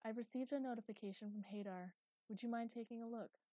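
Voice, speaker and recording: A woman's voice: on the high side, fast, mellow, dry recording, pitched above the performer's own voice, lightly acted. Woman voicing an eager station AI. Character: eager female station AI, curious and restless. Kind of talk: audiobook character voice.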